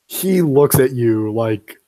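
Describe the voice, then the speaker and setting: A man narrating a tabletop game as game master, halting with many fillers. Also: medium pitch, lively intonation, warm tone.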